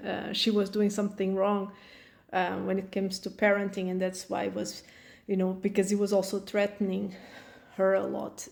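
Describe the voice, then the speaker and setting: A woman's voice: mid-range voice, creaky, darkish tone. A woman parenting coach giving earnest, reassuring advice to camera, with many fillers.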